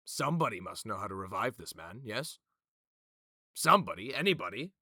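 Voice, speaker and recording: A blunt, scheming nobleman who muses aloud and probes with pointed questions, as a game master voices him. The voice is low and gravelly with a bright edge, and the recording is dry and close. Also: big pitch swings, fairly quick, no echo, heavily acted. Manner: musing, probing questions.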